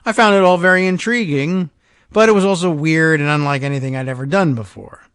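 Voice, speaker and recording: A man's voice: fairly high pitch, quick pace, clear, resonant tone, dry recording, studio quality. Man reading aloud with sardonic asides. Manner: reads a first-person account, dropping to quiet sarcastic asides. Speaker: podcast host.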